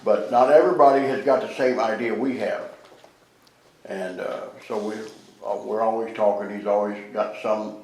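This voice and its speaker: An older man with a fairly low voice tells plain stories, halting often and starting over. The room around him is echoey. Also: fairly even intonation, darkish tone, a little hiss or hum. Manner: halting, full of fillers and restarts. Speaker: church member in a seniors' group. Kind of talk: casual storytelling in a group discussion.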